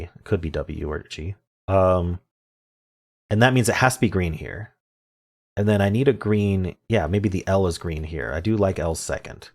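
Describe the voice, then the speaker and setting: Low-pitched guy muttering through word puzzles out loud, relaxed chatty commentary. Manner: thinks aloud, muttering half-sentences. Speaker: word game video host. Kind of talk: casual puzzle-solving commentary.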